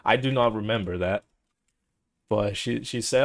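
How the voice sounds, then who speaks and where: A man from Brazil with a Brazilian Portuguese accent, whose first language is Portuguese, chatting casually and haltingly with his stream viewers. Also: on the low side, creaky, no echo, studio quality. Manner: rambling and hesitant, full of restarts and "like".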